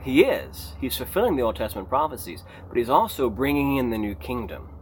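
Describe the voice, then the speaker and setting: A man preaching an unscripted sermon, emphatic and animated, rising to near shouts on key points. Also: mid-range voice, fairly quick, slight background noise. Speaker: pastor.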